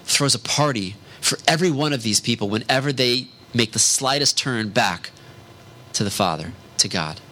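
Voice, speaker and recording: A man preaching a sermon in an earnest way, slowing down to stress key words. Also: medium pitch, bright, forceful tone, low-quality recording.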